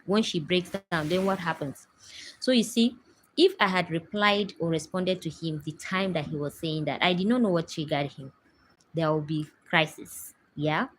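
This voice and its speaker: Brief: Nigerian woman in her thirties, low voice, chatty home-stream host, faint hiss behind. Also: normal speed, rough recording. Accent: Nigerian English. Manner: chatty storytelling, emphatic asides to viewers. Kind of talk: casual chat to a live audience.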